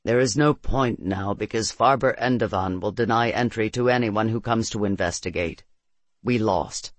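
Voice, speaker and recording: A storyteller voicing an embittered father who speaks gravely and bitterly. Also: mid-range voice, normal speed, dry recording, pitched below the performer's own voice, natural voice. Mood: dejected. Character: embittered father, grim and unforgiving.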